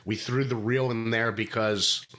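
A man's voice: on the low side, steady tone, unhurried, pushed and bright. A man who is a guest on a podcast, speaking frankly and wryly in casual chat.

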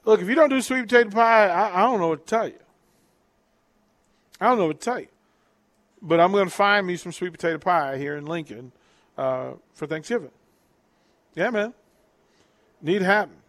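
A man's voice: high voice, normal speed, long pauses, fairly bright tone, dry recording. A man hosting a casual sports talk radio show, chatting loosely, restarting his sentences and reading out listener texts.

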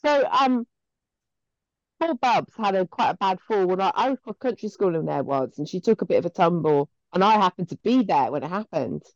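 A woman's voice: deep voice, darkish tone, dry recording, lo-fi sound. A woman co-hosting a podcast, telling stories in a chatty, sweary way with laughs mid-story. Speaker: podcast co-host. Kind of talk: casual chat.

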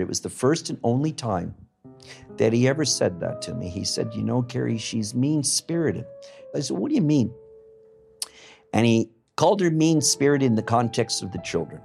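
A middle-aged man giving an emotional personal testimony as an interviewee, blunt and profane, halting often with fillers. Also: lowish voice, creaky, a little mellow.

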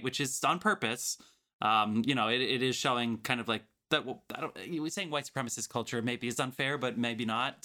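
Bright-voiced chatty podcast guy. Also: medium pitch. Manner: chatty, laughs often, swears. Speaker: podcast co-host. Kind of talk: casual film discussion.

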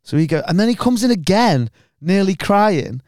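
A man's voice: sits high, big pitch swings, normal speed, a little mellow, no echo, studio quality. A man co-hosting a podcast, telling a story casually, swearing and acting out what other people said. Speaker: podcast co-host. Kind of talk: casual chat.

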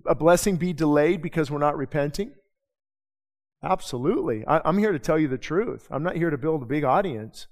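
The sermon comes from a male pastor who talks loosely, tossing in rhetorical questions and short asides. For a man, he sounds slightly high-pitched. A long church reverb trails his speech.

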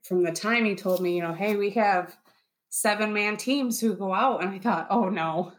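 A woman in her thirties telling her story in an interview, earnest and searching as she relives each moment. Her voice sits at a middle pitch, and she often slips into quoting what she said and thought. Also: moderate pace. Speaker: interviewee, bereaved military spouse. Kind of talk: personal testimony.

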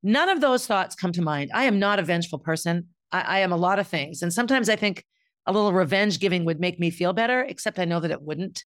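A woman's voice: on the low side, expressive, quick pace, dry recording, clean studio sound. A middle-aged woman speaking candidly and bluntly in a reflective personal monologue, as the host of her own show. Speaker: podcast host.

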